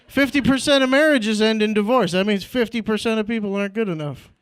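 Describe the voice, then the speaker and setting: A young man from Indiana works through a stand-up set on a club stage. His voice sits very high and comes across clean and resonant, picked up dry and close on a handheld mic. He leans on "like" and "right?" and chuckles at his own lines. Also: fast talker, fairly bright tone, smooth, no room sound. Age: young adult. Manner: fills with "like" and "right?", laughs at own jokes. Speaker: stand-up comedian.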